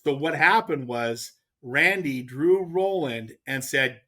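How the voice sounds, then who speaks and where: Man, guest, animated storytelling, emphatic, rambling, mid-pitched voice. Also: slow pace. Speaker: guest angler. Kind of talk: casual storytelling.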